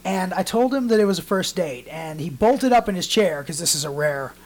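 A man's voice: sits high, fairly quick, slight background noise. A man, likely in his late twenties, telling a story on a podcast in casual, profane chat, acting out voices for the people he quotes. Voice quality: storytelling, animated voices in quotes, swears freely. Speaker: podcast host.

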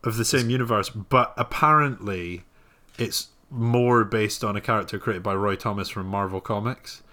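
A man co-hosts a relaxed film podcast, ribbing his partner with a dry, teasing wit. His voice is bright and forceful. He rambles loosely through his points. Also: fairly low pitch, moderate pace. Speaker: podcast co-host. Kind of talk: casual chat.

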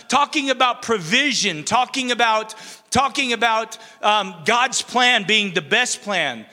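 A man's voice: extremely high pitch, a little slow, pushed and bright. A middle-aged man preaching a sermon in a church, conversational and self-deprecating, with jokes between points. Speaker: pastor. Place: church sanctuary. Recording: long reverb of a large hall.

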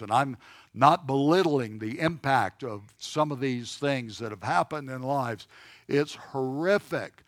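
A man's voice: medium pitch, a bit bright, dry recording, studio quality. A man teaching a Bible class in a church setting, talking in a conversational way and checking in with his listeners.

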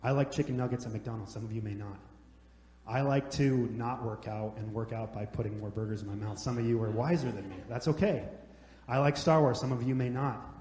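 A young adult man preaching a sermon, telling jokes and stories in a relaxed, conversational way. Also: mid-range voice. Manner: joking, conversational storytelling. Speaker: pastor. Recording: echoey hall, long reverb.

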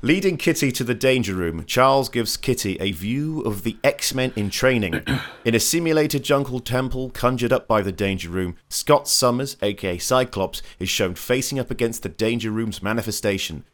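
A man's voice: medium pitch, expressive, moderate pace, few pauses. A man, a podcast co-host who jokes, laughs often and reads plot summaries aloud. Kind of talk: casual chat and reading a synopsis.

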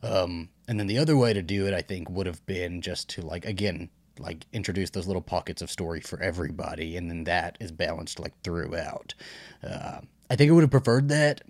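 A man's voice: sits low, a little fast, darkish tone, no echo. A man co-hosting a podcast, chatting casually about a TV series in a laid-back, joking way. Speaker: podcast co-host.

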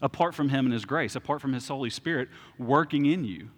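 A man's voice: medium pitch, brisk, husky, big-room sound. A man in his thirties preaching a sermon as pastor, conversational, with asides and restarts.

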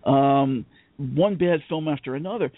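A man's voice: a little high, a little slow, dry recording, phone-quality sound. A man chatting casually as a podcast co-host, rambling and laughing often. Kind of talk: casual chat.

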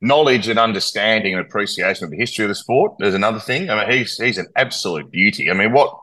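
A man's voice: lowish voice, expressive, quick pace, sharp tone, rough recording. A man with an Australian accent, a sports commentator chatting enthusiastically as a podcast guest. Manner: chatty, enthusiastic, many restarts. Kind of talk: casual podcast chat.

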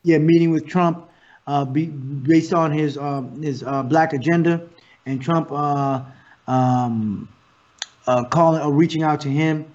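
A guest actor and comedian tells stories in a casual interview, animated and profane. His voice is on the high side and slow, with the highs cut off.

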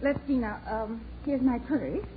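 A woman's voice: on the high side, unhurried, natural voice. An actress playing a chatty, easily flustered middle-aged housewife and mother in a 1940s-style radio comedy. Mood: polite. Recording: tinny old radio broadcast with hiss.

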